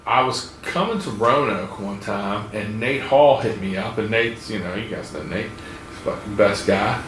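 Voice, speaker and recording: A man's voice: on the low side, moderate pace, a bit bright, echoey room, distant mic, a little hiss or hum. A man hosting a podcast, telling a rambling, profane story and laughing along the way. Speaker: podcast host. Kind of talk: casual storytelling.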